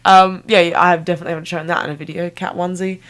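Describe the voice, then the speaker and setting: A woman's voice: fairly low pitch, little pitch movement, rapid-fire, fairly bright tone. A young woman, rambling casually to camera in a playful, self-mocking way that jumps between tangents. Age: young adult. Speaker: vlogger.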